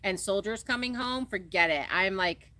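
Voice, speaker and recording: A woman's voice: mid-range voice, moderate pace, bright, forceful tone. A woman co-hosting a casual livestream, chatting animatedly, laughing easily and reading viewer comments aloud. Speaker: co-host of a farm livestream.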